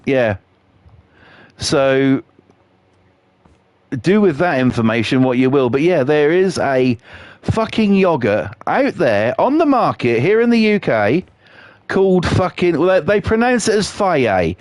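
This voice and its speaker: A man's voice: fairly high pitch, big pitch swings, a little slow, pauses often, darkish tone, no room sound. Bloke in his 40s ranting away on a livestream, swears a lot, jokey, dead dry mic. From England. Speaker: game streamer. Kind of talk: casual chat on a live stream.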